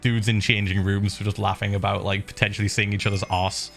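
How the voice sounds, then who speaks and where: A man hosting a livestream, telling a story in casual chat, animated and laughing, with swearing and many fillers. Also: fairly low pitch, brisk, vocal fry, loud music behind the voice. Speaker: livestream host.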